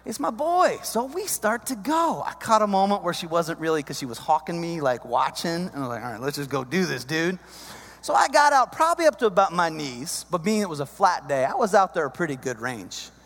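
Man, 30s, comic storyteller; high, bouncy voice, long hall reverb. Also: fairly quick, hardly any pauses. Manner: animated, chummy, addresses the guys. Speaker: comedic storyteller.

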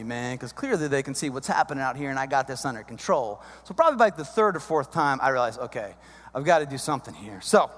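Man, 30s, comic storyteller; high, bouncy voice, long hall reverb. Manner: animated, chummy, addresses the guys. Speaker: comedic storyteller.

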